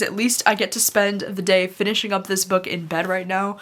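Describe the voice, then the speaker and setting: A woman's voice: mid-range voice, little pitch movement, moderate pace, hardly any pauses, fairly bright tone. Gushing, chatty young woman vlogging from bed. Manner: chatty and gushing, heavy use of "like" and "dude". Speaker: book vlogger. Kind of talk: casual vlog chat. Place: bedroom, in bed.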